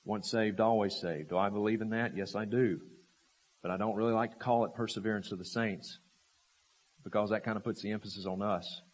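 A man preaching with a low, somewhat husky voice. He drives points home with rhetorical questions and repeated phrases, rising to forceful emphasis and then dropping to quiet, low lines. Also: fairly even intonation, fairly quick. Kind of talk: sermon.

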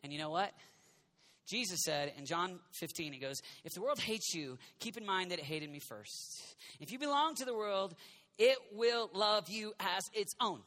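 A man preaching to a youth crowd, his voice pitched very high and swinging widely as he jokes, acts out quoted voices and now and then shouts. The tone is bright and forceful throughout. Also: animated, moderate pace. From United States. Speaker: youth minister. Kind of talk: energetic youth sermon.

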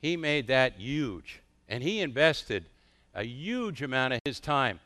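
A middle-aged man preaching a sermon as a pastor. He tells stories with animated rhetorical questions. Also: medium pitch, slow pace.

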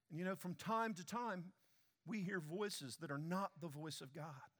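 A man's voice: high-pitched, moderate pace, fairly bright tone, in a large hall. A man preaching a sermon in a church, speaking emphatically and putting questions straight to the congregation. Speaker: pastor. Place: church sanctuary.

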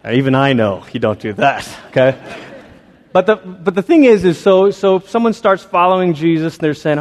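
A man's voice: a little high, lively intonation, normal speed, long reverb tail. A man in his thirties preaching a sermon as a pastor, conversational and self-deprecating, telling stories about his family.

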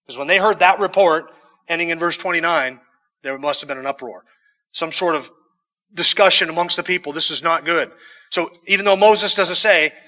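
An American pastor preaches a sermon, reading scripture verses and then unpacking them in conversational asides with a touch of humor. His voice is high-pitched and sharp, and the recording carries the sound of a big room.

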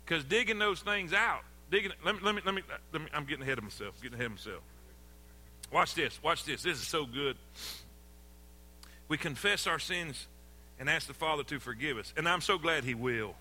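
A pastor preaching a folksy sermon in church, calling on the congregation and often repeating himself. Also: male voice, a little high, fairly quick, sharp tone, a little hiss or hum. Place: church sanctuary.

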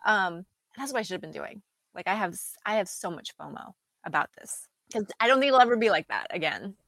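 Una mujer que, como invitada de un pódcast, charla de forma animada, divagando y riéndose con frecuencia. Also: female voice, mid-range voice, fairly quick, vocal fry, no room sound. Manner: animated, laughing, rambling. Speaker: podcast guest. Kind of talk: casual podcast chat.

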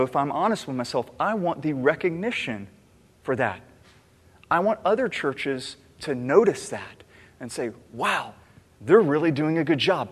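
A pastor preaches a sermon in a fairly high voice, earnestly questioning his own motives through rhetorical questions. A long reverb carries his words, as though they fill a large church sanctuary.

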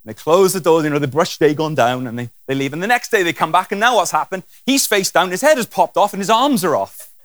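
A man's voice: a little high, fast talker, dry recording. A man preaching a sermon with humour, acting out scenes and voices as he goes. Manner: animated and humorous, acting out scenes.

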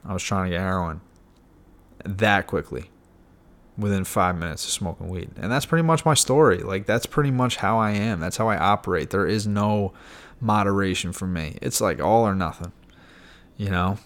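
A young man with a low-pitched voice recounts his own past in a loose, candid podcast style. He talks frankly, leans on fillers and now and then swears casually. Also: normal speed. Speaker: podcast guest sharing his recovery story. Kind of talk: candid personal storytelling.

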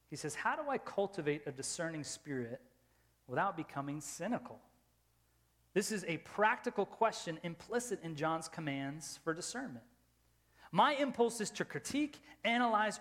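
A middle-aged man preaching a sermon as pastor, emphatic, moving between loud rising questions and soft low asides. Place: church sanctuary. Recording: long reverb of a large hall.

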